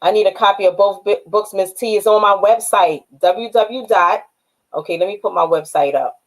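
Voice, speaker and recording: A woman's voice: medium pitch, fairly even intonation, fairly quick, low-quality recording. A woman with a New York accent, hosting a casual livestream and talking straight and streetwise to her viewers. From Harlem, New York. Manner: shouts out viewers by name, streetwise and direct. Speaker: livestream host and author.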